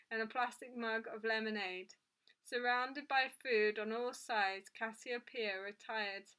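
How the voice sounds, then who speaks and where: A woman reading a children's book aloud in a clear, steady way. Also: a little high. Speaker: storyteller.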